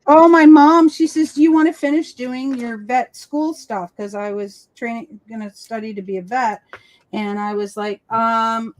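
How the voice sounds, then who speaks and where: A chatty woman on a video-call livestream, talking in a casual and animated way. She acts out quoted conversations as she tells her stories. Her voice sits a bit high. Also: unhurried. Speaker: co-host of a crafting livestream. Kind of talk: casual chat.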